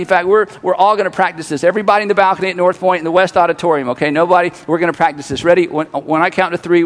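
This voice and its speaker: A middle-aged man preaching a sermon as pastor, animated and repeating his key phrases for emphasis while leading the congregation. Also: high voice, fast talker, hardly any pauses. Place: large church auditorium. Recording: long hall reverb.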